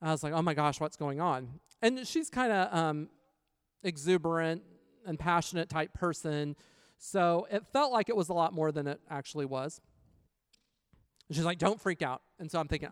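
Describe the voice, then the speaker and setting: A man's voice: on the high side, normal speed, clean tone, no room sound, clean studio sound. A man with a casual, chatty manner, telling a personal story full of quoted back-and-forth dialogue and reflecting on faith.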